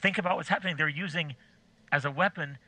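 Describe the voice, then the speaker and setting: A man's voice: on the high side, fast, bright, forceful tone. A man in a casual discussion, thoughtful and analytical.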